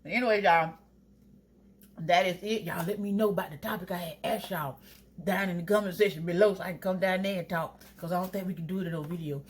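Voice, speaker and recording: A young woman in braces chatting casually to her viewers while she cooks at home, talking straight to them with drawn-out asides. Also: lowish voice, fairly even intonation. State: wearing new braces, teeth clanging. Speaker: vlogger. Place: home kitchen. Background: food sizzling in a pan.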